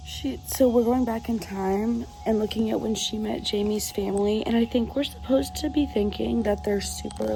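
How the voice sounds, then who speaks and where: A woman's voice: medium pitch, warm tone, slight background noise, poor audio. A woman chatting casually about a book she's reading, rambling and exasperated, with lots of filler words. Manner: exasperated, rambling, heavy use of filler 'like'. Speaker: book reviewer.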